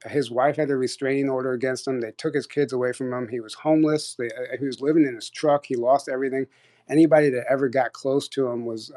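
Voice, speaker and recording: A man telling a long personal story on an audio chat, rambling and animated, with many fillers and restarts. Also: medium pitch. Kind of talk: casual storytelling.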